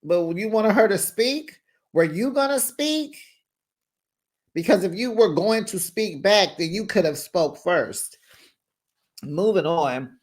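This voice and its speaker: Sassy, animated woman recapping reality TV. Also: mid-range voice, slow pace, pauses often. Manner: sassy, animated, talks straight to viewers with slang like "child" and "honey". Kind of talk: casual recap commentary.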